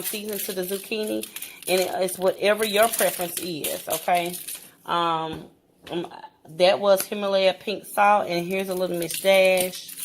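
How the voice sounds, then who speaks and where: A woman's voice: mid-range voice, background noise. A woman talks her viewers through a home recipe in a chatty, casual way, now and then stammering over her words. Her voice sits in the middle of the range. Faint kitchen sizzle runs underneath. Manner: chatty, addresses viewers as guys, some stammering. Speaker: cooking vlogger. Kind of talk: casual cooking tutorial.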